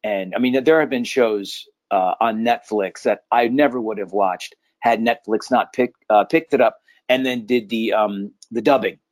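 A middle-aged man, an actor, telling stories in a casual interview with an animated, laughing manner. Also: on the low side, moderate pace, few pauses, no echo. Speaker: actor guest.

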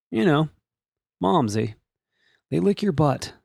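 A man's voice: slow pace, gravelly, long pauses, dry recording, clean studio sound. A man hosting a daily solo podcast, chatting casually in a rambling, jokey way. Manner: rambling, jokey, animated, swooping pitch. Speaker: podcast host.

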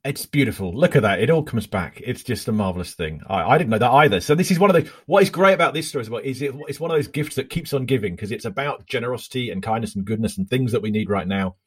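A man who is a comedian and writer, chatting casually as a podcast guest with quick self-interrupting speech. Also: mid-range voice, lively intonation, breathy edge. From Britain. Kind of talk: casual chat.

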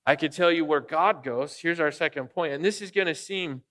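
A man's voice: fairly high pitch, moderate pace, a bit bright. A man preaching a sermon as pastor, a father of young kids, speaking casually and jokingly and often putting questions to the congregation. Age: adult father of young children.

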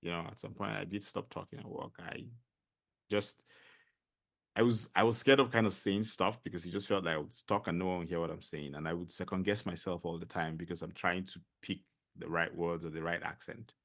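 A middle-aged man with a Nigerian accent, a podcast guest telling stories in a casual interview, animated and full of fillers. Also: low-pitched, brisk, vocal fry. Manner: animated storyteller, many fillers.

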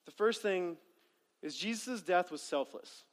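Earnest preacher in a reverberant hall. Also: male voice, animated, a little slow. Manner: earnest, emphatic, drops to a low quiet close on phrases. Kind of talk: sermon with scripture reading.

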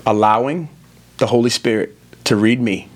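A man's voice: medium pitch, normal speed. A man in his forties, a pastor, answering interview questions in an earnest, storytelling way that builds to emphatic moments. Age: 40s. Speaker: pastor and podcast guest. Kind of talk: conversational interview, preacherly storytelling.

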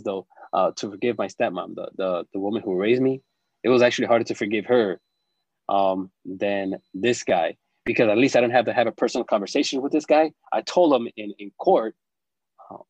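Middle-aged male interview guest, low voice, dry close sound, reflective and halting delivery. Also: darkish tone, no echo, muffled recording. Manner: reflective, halting, with frequent restarts and fillers. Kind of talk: personal storytelling in an interview.

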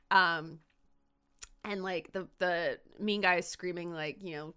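With a fairly low, smooth voice and a measured pace, a woman recounts a TV episode while co-hosting a podcast. Her casual retelling is lively, and she acts out each quote.

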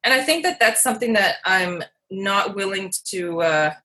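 A woman's voice: mid-range voice, lively intonation, normal speed, sharp tone. A woman comedian chatting casually as a podcast guest, rambling and giggling as she talks about herself. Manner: rambling, giggly, self-deprecating.

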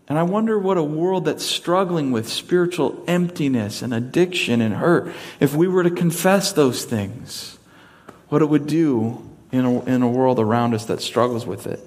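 A man's voice: fairly high pitch, measured pace, a little mellow. A man preaching a sermon in a casual, conversational way, mixing humor into it. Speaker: pastor.

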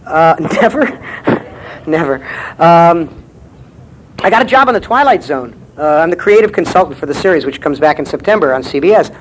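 A brash, profane man gives a comic lecture on writing, rambling with stammered restarts. His voice runs high and swoops animatedly. Faint noise hums in the background. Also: expressive, moderate pace, low-quality recording. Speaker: writer giving a lecture.

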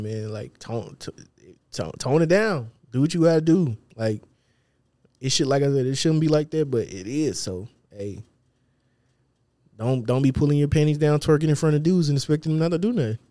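A man co-hosting a podcast in casual chat, measured and hedging, his voice often dropping quietly as he trails off. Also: mid-range voice, dry recording. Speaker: podcast co-host.

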